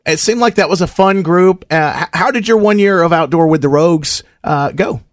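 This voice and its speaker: Slightly high-voiced man hosting an interview. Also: dry recording, clean studio sound. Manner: friendly, curious questioner, quick and joking. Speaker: podcast host. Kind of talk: casual interview.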